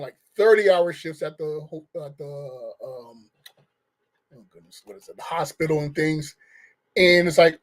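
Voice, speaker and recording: A man's voice: high voice, darkish tone. A man giving a casual, rambling movie review rant, firing off questions with restarts and short laughs. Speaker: film reviewer.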